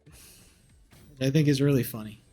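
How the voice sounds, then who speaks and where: A man's voice: mid-range voice, fairly even intonation, a little slow, dark tone, soft background music. A young man streaming live, rambling casually with crude language and lots of fillers and restarts.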